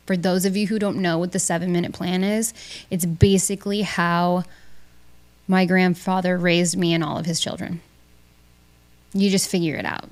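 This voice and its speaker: A young woman hosting a podcast, telling a personal story in a casual, candid way and swearing freely. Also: on the low side. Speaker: podcast host. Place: small home studio.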